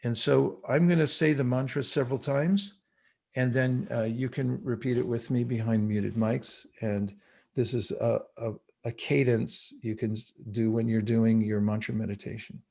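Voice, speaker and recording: A man teaching an online spiritual class by video call, speaking reflectively and slowly chanting mantras for listeners to repeat. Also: medium pitch, steady tone, gravelly, warm tone.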